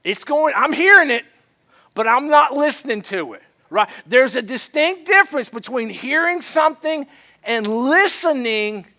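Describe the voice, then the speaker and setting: A male pastor preaching a sermon, animated and acting out both sides of everyday arguments. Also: very high voice, unhurried. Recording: church service.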